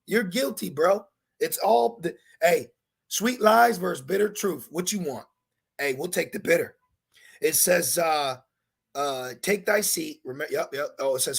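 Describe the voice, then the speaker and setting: A man's voice: fairly high pitch, measured pace, vocal fry, husky. A man giving an emphatic scripture lesson as a religious teacher, mixing preaching with street slang.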